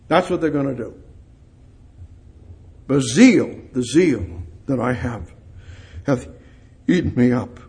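A man preaching a verse-by-verse sermon, reading scripture slowly and then breaking into urgent, rising exclamations. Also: medium pitch, lively intonation, a little mellow, breathy edge.

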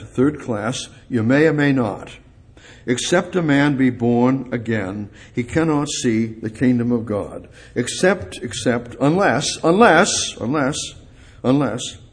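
Husky-voiced man preaching emphatically. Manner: emphatic, repetitive, rising to loud high peaks. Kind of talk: sermon, Bible exposition.

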